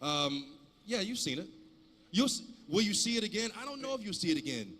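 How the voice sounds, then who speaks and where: Easygoing guy on a con panel, um-ing a bit, bright voice. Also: high-pitched, sing-song, a little fast. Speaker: panelist, actor. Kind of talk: casual panel banter. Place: convention panel stage.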